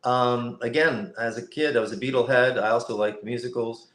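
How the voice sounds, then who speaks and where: A man's voice: mid-range voice, fairly even intonation, moderate pace, a bit bright. Man from Ohio with a roomy echo. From Cleveland, Ohio, USA. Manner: reflective, musical way of explaining, with many fillers. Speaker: guest voice actor. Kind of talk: casual live-stream interview. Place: home setup with a lighting kit.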